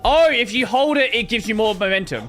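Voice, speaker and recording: A man's voice: high voice, expressive, fairly quick, a bit bright, soft background music. A man chatting casually while streaming a game, rambling and swearing as he plays. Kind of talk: casual gameplay livestream chat.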